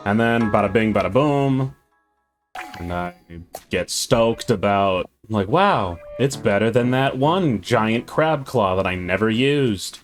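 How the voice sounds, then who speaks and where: Wry low-voiced male game commentator. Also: expressive, slow, faint music behind. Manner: wry, sarcastic, self-mocking. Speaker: gaming channel host. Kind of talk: gameplay voice-over commentary.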